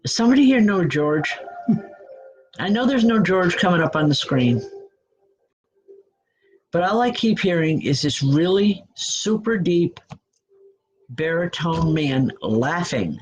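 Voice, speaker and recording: A woman working as a spiritual medium, giving a live online reading. She talks in a halting, stop-start way, restarting her sentences as she passes on messages gently and reassuringly. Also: fairly low pitch, lively intonation, breathy edge, rough recording.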